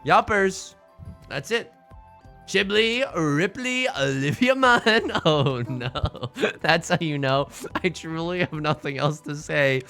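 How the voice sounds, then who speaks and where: A young man streaming a mahjong game, joking with his chat and reacting loudly to his hands. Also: on the high side, slow pace, gravelly, soft background music. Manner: jokey, animated, talks to chat and reacts loudly to tiles. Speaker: Twitch streamer. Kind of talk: casual live-stream commentary while playing mahjong.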